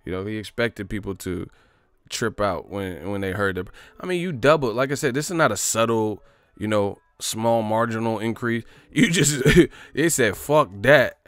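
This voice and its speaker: A man's voice: on the low side, moderate pace, clean tone, dry recording. Profane, slangy man ranting casually. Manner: profane, joking, slangy, laughs often. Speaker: boxing vlogger. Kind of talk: casual commentary rant.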